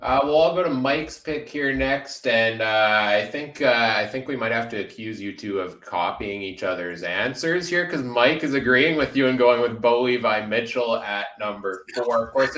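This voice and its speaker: A man's voice: medium pitch, moderate pace, few pauses, a bit bright, roomy sound. A man hosting a casual sports podcast, upbeat and full of filler uhs. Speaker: podcast host.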